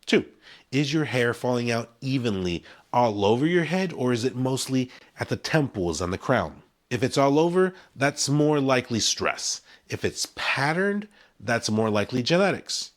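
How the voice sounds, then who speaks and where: Lively-voiced man explaining hair loss. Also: medium pitch, normal speed. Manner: punchy, conversational, stresses key words. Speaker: hair-care brand founder. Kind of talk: direct-to-camera explainer.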